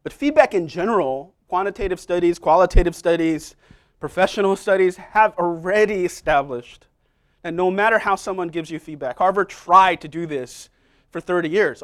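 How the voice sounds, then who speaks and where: A middle-aged man with a rather high voice delivers a sermon in a church. He tells personal stories in a loose, conversational, self-deprecating way. He often turns to the congregation with quick asides. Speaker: preacher.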